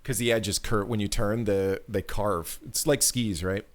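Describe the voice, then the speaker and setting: A man's voice: on the low side, steady tone, unhurried. A man hosting a podcast, chatting casually with many fillers and restarts. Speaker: podcast host. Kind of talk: casual chat.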